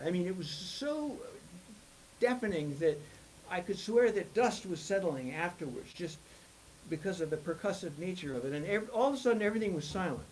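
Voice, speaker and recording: A man's voice: high-pitched, lively intonation, moderate pace, a little mellow, slight background noise, low-quality recording. A man hosting a live music stream, rambling through a casual story with lots of hesitation. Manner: rambling, hesitant, many fillers; self-deprecating humor. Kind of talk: casual storytelling between songs.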